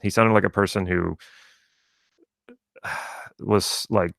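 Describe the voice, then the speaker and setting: A man's voice: sits low, fairly even intonation, takes it slowly, gravelly, fairly bright tone, no echo, clean studio sound. A man from South Louisiana with a mostly neutral American accent, rambling conversationally as a coach on a live stream, with many restarts. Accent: General American, from South Louisiana. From rural South Louisiana, USA. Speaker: NLP coach.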